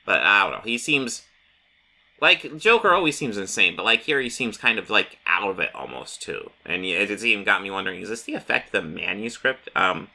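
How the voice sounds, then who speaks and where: Rambling man with gravelly voice. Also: lowish voice, sing-song, brisk, pushed and bright. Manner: rambling with many fillers. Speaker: comic book channel host. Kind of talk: casual comic recap.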